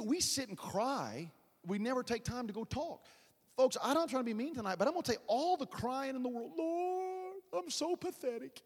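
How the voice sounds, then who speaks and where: A male pastor preaches fervently and dramatically in a large church hall, swinging between loud and hushed and tossing folksy asides to the congregation. His voice is high, husky, with vocal fry, and the recording has a long church reverb.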